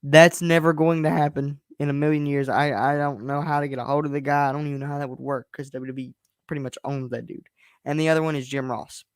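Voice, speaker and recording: A man's voice: on the high side, flat delivery, quick pace, no echo, clean studio sound. A young man hosting his own podcast stream from his bedroom, talking in a candid, rambling and frustrated way. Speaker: podcast host. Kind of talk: casual solo stream rant.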